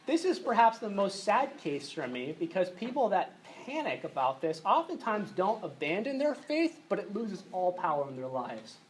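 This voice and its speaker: A man speaking at a youth conference seminar, conversational and shifting between hushed and animated. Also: high-pitched, moderate pace, few pauses, slight background noise. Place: conference hall with an audience.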